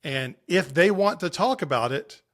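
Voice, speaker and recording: A man's voice: on the high side, expressive, normal speed, fairly bright tone. A man in his late thirties, a podcast guest on sports parenting, telling stories and giving advice in an earnest, emphatic way with frequent restarts. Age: 30s. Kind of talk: conversational interview.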